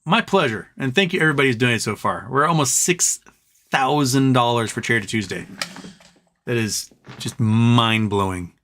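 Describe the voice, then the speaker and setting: A man's voice: mid-range voice, animated, moderate pace, bright, forceful tone, slight background noise. A man hosting a casual charity livestream, reading viewer comments aloud and getting teary as he thanks them. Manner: emotional, tearful while thanking viewers; talks fondly to his pet between comments. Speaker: livestream host.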